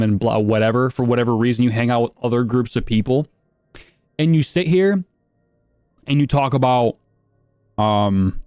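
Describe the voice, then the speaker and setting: A man's voice: mid-range voice, fairly quick, a little mellow, no echo, studio quality, soft background music. A man streaming live and reacting to videos in blunt, profane, rambling casual commentary.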